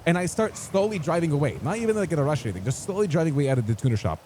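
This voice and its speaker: A man's voice: fairly high pitch, expressive, rapid-fire, a little mellow, a little hiss or hum. A man telling a rambling, swearing story in character, acting out quotes as he goes. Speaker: roleplay gamer in character. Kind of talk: animated storytelling in game.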